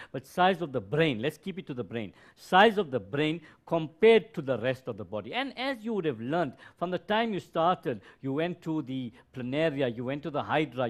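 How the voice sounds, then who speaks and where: Slow, emphatic male biology teacher. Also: a little high. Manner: explains slowly, repeats key terms, asks rhetorical questions. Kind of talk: live-streamed classroom lesson.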